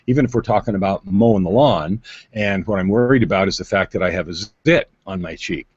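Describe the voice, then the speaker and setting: A man with a husky voice coaches and tells stories on a video call, leaning on drama and sudden changes of pace. The audio is muffled and lo-fi. It sounds dry and close. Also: lowish voice, no echo. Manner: dramatic, emphatic, varies pace for effect. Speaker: guest on-camera presence coach. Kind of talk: animated storytelling interview. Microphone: video call mic.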